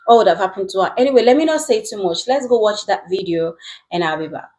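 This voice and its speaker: A woman's voice: mid-range voice, lively intonation, fast talker, darkish tone. A woman hosting a channel, casually setting up a story and speaking straight to her viewers. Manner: chatty, addresses viewers directly. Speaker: channel host.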